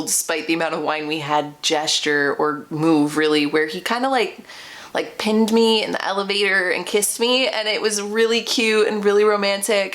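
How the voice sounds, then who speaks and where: A woman's voice: mid-range voice, a bit bright. A young adult woman vlogger telling a dating story in a casual, chatty way, full of fillers and self-corrections.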